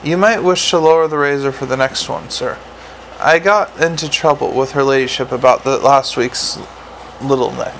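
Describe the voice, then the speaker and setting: A man voicing a quiet, formal butler. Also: medium pitch, moderate pace, a little hiss or hum, natural voice, rough recording. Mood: deferential. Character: polite, unflappable male butler.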